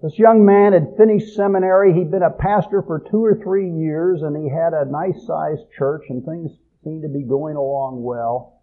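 A man preaching a sermon, swelling loud on key phrases and dropping low at the ends. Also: steady tone, normal speed, hardly any pauses. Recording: tinny phone-like audio.

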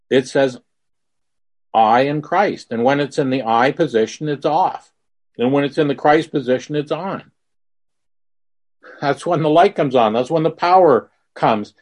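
Slow, earnest male preacher. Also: medium pitch. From Mississippi. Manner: slow, earnest, storytelling with quoted dialogue. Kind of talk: sermon.

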